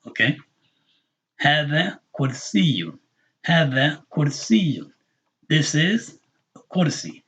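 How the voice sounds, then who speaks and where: A man teaching a live online language lesson, patiently repeating words slowly for learners. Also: on the high side, very animated, fairly bright tone, slightly rough, dull audio. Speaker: Arabic teacher.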